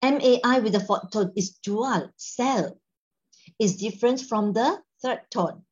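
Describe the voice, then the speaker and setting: A woman with a Malaysian accent leads a Mandarin lesson, switching between English and Mandarin as she explains each word. She speaks slowly with a slightly husky voice. The recording sounds dull and lo-fi. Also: fairly high pitch. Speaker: Mandarin teacher. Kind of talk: language lesson.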